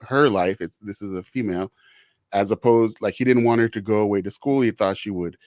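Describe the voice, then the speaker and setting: A man's voice: fairly low pitch, darkish tone, no room sound, studio quality. A middle-aged man hosting a podcast interview, talking in a reflective, supportive way. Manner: reflective, supportive, quick laughs. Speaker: podcast host.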